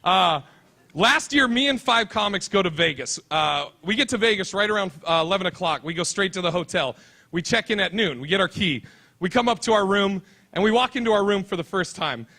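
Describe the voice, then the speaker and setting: A male stand-up comedian telling a story on stage in a brash, fast-moving way. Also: high voice, animated, pushed and bright.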